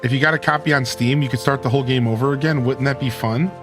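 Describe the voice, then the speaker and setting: A man's voice: mid-range voice, steady tone, quick pace, over music. A man streaming a video game, chatting casually with his viewers and reading game dialogue aloud. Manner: reads game dialogue aloud, sometimes in a put-on Scottish voice. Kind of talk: casual gameplay commentary.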